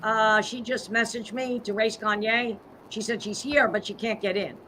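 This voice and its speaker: A woman's voice: on the high side, steady tone, pushed and bright, slight background noise. A woman hosting a live-streamed show over a video call, upbeat and promotional. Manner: upbeat, promotional, spells out web addresses slowly. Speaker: host and pageant CEO.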